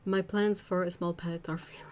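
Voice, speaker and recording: A woman's voice: on the low side, level tone, fairly quick, darkish tone, a little hiss or hum. A woman with a French Canadian accent, a native French speaker, chatting casually while she paints on a livestream and laughing often between sentences. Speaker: art livestream host.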